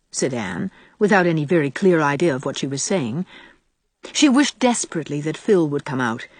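A woman narrating a novel in a measured, expressive storytelling voice. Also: sits low, no echo. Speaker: audiobook narrator. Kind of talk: scripted narration.

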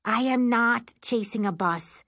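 A woman voicing a reluctant mother who calls herself a non-practicing witch, sounding flustered and hesitant. She speaks slowly, and the audiobook sound is close and dry. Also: a little high, a bit bright, no echo, pitched above the performer's own voice. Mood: exasperated. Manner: hesitant, exasperated.

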